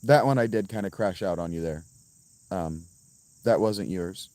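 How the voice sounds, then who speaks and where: A man's voice: low-pitched, a little mellow, no echo. Profane, combative man livestreaming outdoors. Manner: profane, combative, quick to anger. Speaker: livestreamer reading chat. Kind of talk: casual livestream chat. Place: outdoors by a fountain.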